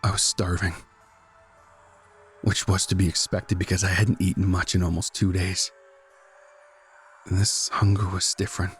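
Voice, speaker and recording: A man narrating a first-person horror story in a measured, tense, brooding way. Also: low-pitched, flat delivery, soft background music. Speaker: guest narrator.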